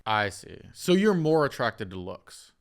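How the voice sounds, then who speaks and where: A man hosting a podcast, telling an animated, joking story in casual conversation. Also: mid-range voice, unhurried. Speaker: podcast host.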